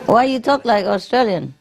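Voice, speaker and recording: A woman's voice: fairly high pitch, vocal fry, darkish tone. A woman who is a spiritual teacher, telling jokes to a live audience in non-native English. She laughs often at her own jokes and checks in with her listeners with tags like "no?" and "eh?". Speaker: spiritual teacher addressing a gathering. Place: gathering hall.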